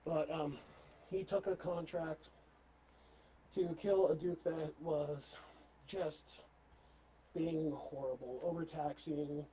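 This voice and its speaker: A man talking as a podcast guest in casual chat, halting, with many fillers and restarts. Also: a little high, steady tone, mellow, slight background noise, rough recording. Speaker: interview guest, LARP player.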